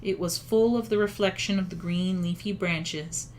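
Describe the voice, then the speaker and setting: A woman reading a children's story aloud in a calm, even storytelling manner. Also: on the low side, normal speed, slight background noise. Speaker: audiobook reader. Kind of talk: storybook narration.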